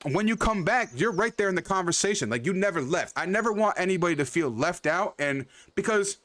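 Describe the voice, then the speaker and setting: A man's voice: high voice, animated, a little fast, a bit bright, no echo. A young man hosting a game livestream, chatting loosely with viewers by name, rambling, repeating himself and swearing freely. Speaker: livestream host. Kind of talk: casual chat with live chat.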